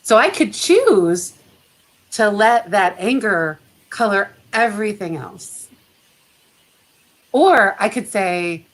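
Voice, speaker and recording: A woman's voice: medium pitch, lively intonation, takes it slowly, low-quality recording. A middle-aged woman speaking as a guest on a video call, reflective and chatty, laughing often. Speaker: guest photographer. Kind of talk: casual chat.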